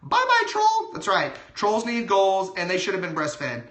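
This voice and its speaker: A man who is a doctor chats excitedly on a phone livestream. His voice is bright and forward, and the room echoes around him. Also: high-pitched, moderate pace. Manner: excited, chatty, lots of asides. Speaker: doctor giving health advice. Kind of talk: casual livestream talk.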